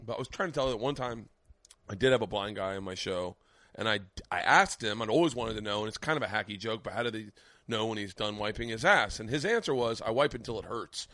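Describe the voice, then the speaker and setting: Profane, animated male comedian storyteller. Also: fairly low pitch, quick pace, dry recording. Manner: profane, animated storyteller, loud bursts of laughter. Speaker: podcast host, comedian. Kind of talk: casual storytelling chat.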